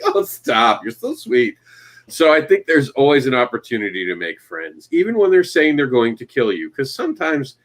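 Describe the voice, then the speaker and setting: A man co-hosting a casual podcast chat, joking and acting out quotes in mock voices. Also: mid-range voice. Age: adult father. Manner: animated, jokey, acts out quotes in mock voices. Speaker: podcast co-host.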